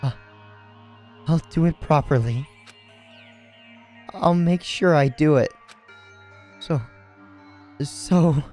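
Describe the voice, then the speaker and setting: A man's voice: a little high, very slow, long pauses, warm tone, faint music behind, pitched above the performer's own voice. A man voicing a broken young woman soldier from a video game, mumbling apologies over and over. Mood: shaky resolve. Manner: pleading, repetitive mumbling.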